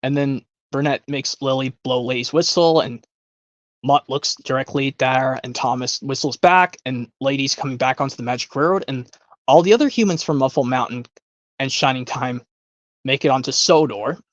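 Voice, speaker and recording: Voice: mid-range voice, normal speed, dry recording, lo-fi sound. A streamer chatting casually between voice impressions, rambling and hesitant as they pile up fan trivia.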